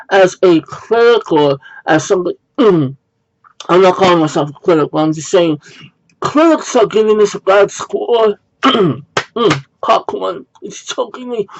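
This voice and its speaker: Man, casual film review, slightly high voice, rambling, self-correcting, muffled lo-fi sound. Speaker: movie reviewer. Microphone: wrong built-in mic instead of the intended USB mic. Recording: dull lo-fi home recording.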